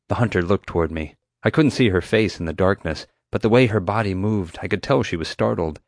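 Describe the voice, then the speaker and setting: Lower-voiced man narrating an audiobook. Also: no room sound, clean studio sound. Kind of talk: scripted first-person narration.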